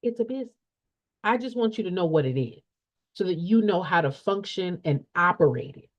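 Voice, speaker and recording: A woman coaching an audience on nonprofit funding, blunt and preachy, who repeats her points and asks rhetorical questions in folksy, slangy talk. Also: mid-range voice. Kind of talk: emphatic motivational teaching. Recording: dull lo-fi sound.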